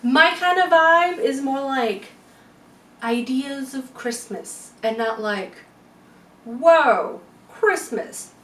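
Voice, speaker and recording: A woman's voice: high voice, slow pace, fairly bright tone, recorded from a distance. A woman chatting casually to camera as a lifestyle vlogger, rambling with playful asides. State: out of breath. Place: room at home. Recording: echoey room from afar with faint music.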